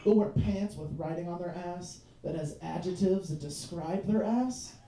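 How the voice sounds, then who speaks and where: He's a stand-up comedian in his twenties, loosely rambling through a bar set in front of a live audience and leaning on "like" and "you know what I mean." His high voice is gravelly and dark, moving at a normal speed, captured from afar in a roomy bar.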